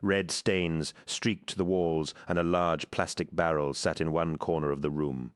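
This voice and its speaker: A man narrating an audiobook in a measured, even storytelling manner. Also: very deep voice, clean tone.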